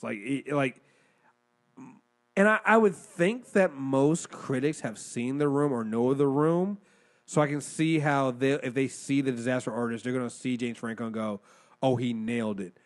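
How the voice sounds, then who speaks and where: A man co-hosting a casual movie review chat, excitable, swearing freely and restarting sentences. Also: mid-range voice, normal speed. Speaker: podcast co-host reviewing films.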